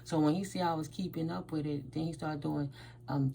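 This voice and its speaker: A woman's voice: sits low, steady tone, brisk, gravelly, mellow, slight background noise, rough recording. A woman from the United States doing a casual tarot reading and telling stories, blunt and emphatic, with Spanish words mixed in. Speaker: tarot reader.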